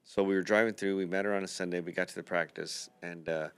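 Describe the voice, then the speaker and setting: Low smooth man telling a story. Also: fairly even intonation, fast, no echo. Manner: rambling anecdotal storytelling with quoted dialogue. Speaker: podcast host, dental builder. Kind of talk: casual storytelling chat.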